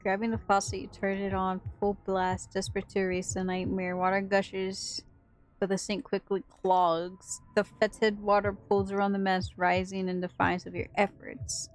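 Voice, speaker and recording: A woman's voice: medium pitch, flat delivery, moderate pace, faint music behind, rough recording. A woman reading a horror visual novel aloud for a gaming video, with dramatic narration and reactions.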